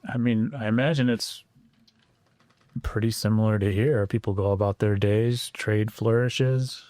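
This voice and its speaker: A man playing a tabletop game in a relaxed, amused way. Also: fairly low pitch, unhurried, dry recording. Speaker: player.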